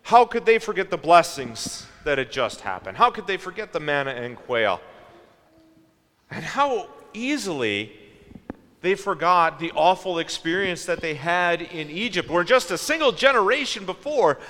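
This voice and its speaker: A man preaching a sermon in a slow, reflective way, asking his listeners questions. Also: high voice, very animated, sharp tone, big-room sound.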